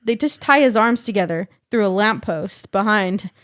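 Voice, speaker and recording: A young woman on a podcast panel, retelling a movie's plot in a casual, animated way. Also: mid-range voice, moderate pace. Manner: animated retelling with acted quotes and laughs. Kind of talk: casual chat.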